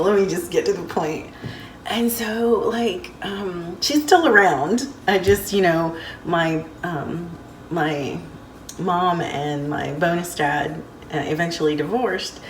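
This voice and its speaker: A woman's voice: on the low side, darkish tone, slight background noise. A woman telling personal stories in a casual vlog, rambling and heartfelt, with many fillers. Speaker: vlogger. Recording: roomy, distant mic, faint ambience.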